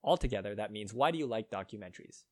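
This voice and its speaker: A man slowly explaining Mandarin phrases and spelling out their tones, one letter at a time. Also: lowish voice, expressive, darkish tone, no room sound. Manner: slow, careful spelling out of tones. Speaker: language learner.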